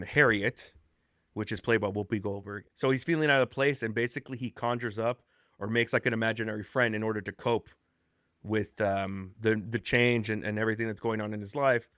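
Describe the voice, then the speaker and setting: A man's voice: medium pitch, no echo, studio quality. A man hosting a casual podcast chat, talking freely and laughing often. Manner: laughs often, chatty and animated. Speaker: podcast host.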